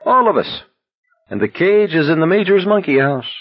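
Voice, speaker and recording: A man voicing a troubled, worn-down young man who talks quietly and sardonically. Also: fairly low pitch, sing-song, unhurried, muffled recording, full character voice. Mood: amused.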